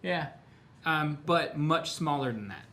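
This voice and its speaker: A man teaching a live painting tutorial, explaining each step in a relaxed, chatty way. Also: on the high side, unhurried. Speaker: painting instructor.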